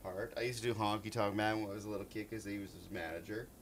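A man's voice: on the low side, little pitch movement, fast talker, a little hiss or hum. A man co-hosting a podcast in a joking, teasing, giggly way. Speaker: podcast co-host. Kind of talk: casual chat.

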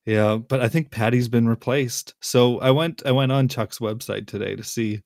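Man, casual podcast chat, frequent laughs, halting restarts, dry sound, middle pitch. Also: steady tone, vocal fry, a little mellow, no echo. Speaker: podcast host.

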